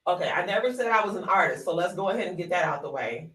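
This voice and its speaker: A woman leads a live online workshop, her voice bright and forceful. She is folksy and encouraging, peppering her talk with y'all and calling viewers honey. She speaks into a desk microphone. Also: lowish voice, animated, quick pace, distant mic, slight background noise, poor audio. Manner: chatty, encouraging, calls viewers honey and sugar; folksy, uses y'all often. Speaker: workshop host.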